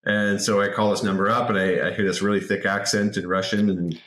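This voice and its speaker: A man in his forties telling an anecdote as a podcast guest in a lively, casual way, often repeating words. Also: fairly low pitch, brisk. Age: 40s. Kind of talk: casual interview storytelling. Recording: roomy echo.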